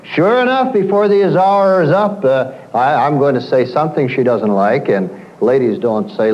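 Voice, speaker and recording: Speaking at normal speed in a medium-pitched voice, a man lectures an audience as a counselor. He tells stories with animation, acting out his clients' words. The sound is lo-fi with slight background noise.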